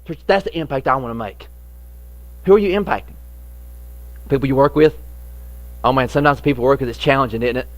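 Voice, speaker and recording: A man's voice: mid-range voice, a little fast, pauses often, no room sound. A man preaching a sermon as a pastor, telling a childhood story and acting out the voices in it. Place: church sanctuary.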